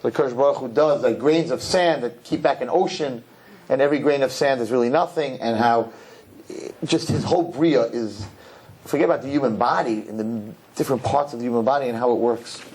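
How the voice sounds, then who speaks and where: A middle-aged male rabbi with a husky voice preaches animatedly and fairly quickly in a synagogue hall. He trades jokes with his listeners and performs quotations in high voices.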